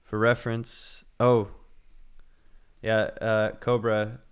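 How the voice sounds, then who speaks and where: A man's voice: on the low side, monotone, slow, clean tone. A man livestreaming his programming work, thinking aloud in casual commentary and muttering as he goes.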